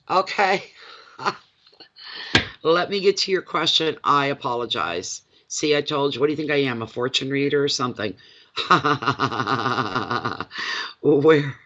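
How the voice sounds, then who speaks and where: Guy reading tarot live, bright forceful voice, jokey and chatty, dull lo-fi phone sound. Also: fairly high pitch, normal speed. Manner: chatty, joking and self-deprecating. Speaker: tarot reader.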